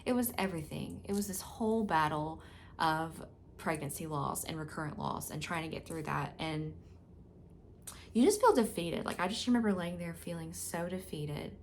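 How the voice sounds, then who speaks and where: Woman vlogger, casual storytelling to camera, frank and emotional, low-pitched, faint background hiss. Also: normal speed. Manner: candid, frank and emotional, with filler words.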